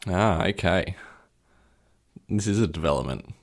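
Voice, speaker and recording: A man co-hosting a podcast in easy casual chat. His voice sits very low with a gravelly fry. He is curious and analytical, probing with questions. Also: expressive, a little slow. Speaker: podcast co-host.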